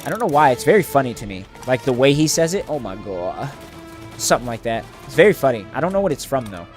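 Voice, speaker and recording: Animated man commenting on gameplay. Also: mid-range voice, very fast, faint music behind. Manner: animated, trash-talking, boastful in bursts. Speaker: gaming channel host.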